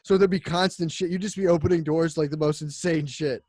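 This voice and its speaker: A man co-hosting a casual comedy podcast, rambling and laughing as he pitches a bit, acting out the voices. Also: fairly even intonation, a little fast, a little mellow, dry recording, clean studio sound. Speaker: podcast co-host.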